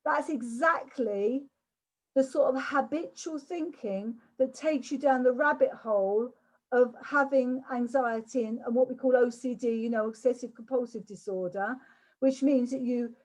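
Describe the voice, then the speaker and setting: A woman's voice: high voice, moderate pace, a little mellow, poor audio. An older woman from England giving a chatty online workshop talk over a video call, often repeating words and restarting. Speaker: workshop speaker.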